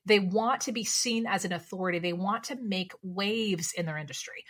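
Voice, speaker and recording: A woman speaking coach, a podcast guest, talking in a lively, casual way and firing off rhetorical questions. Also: medium pitch, normal speed, husky.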